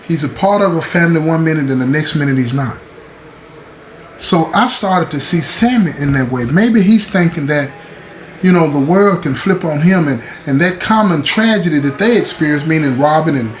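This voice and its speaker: Slightly high-voiced man telling a prison story. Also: animated, normal speed. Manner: conversational, frequent "right?" and "you know what I'm saying". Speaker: host. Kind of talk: casual storytelling. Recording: echoey room with faint ambient noise.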